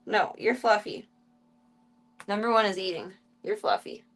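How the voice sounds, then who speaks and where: A woman streaming casually, chatting to viewers and cooing baby talk to tiny animals in a soft, playful way. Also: medium pitch, measured pace. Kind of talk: casual live-stream chat.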